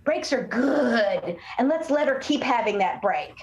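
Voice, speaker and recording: Animated storytelling woman in an echoey room. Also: a little high, a little slow, muffled recording, slight background noise. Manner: animated storyteller, acts out quotes of kids and parents. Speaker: speech-language pathologist guest. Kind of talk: casual interview conversation.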